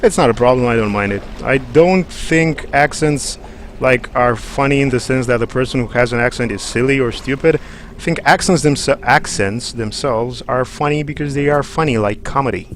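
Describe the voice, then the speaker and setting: Guy rambling and joking on a game stream, mid-pitched, slight background hiss. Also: moderate pace. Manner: chatty, rambling, jokey. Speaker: livestream host. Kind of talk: let's play commentary.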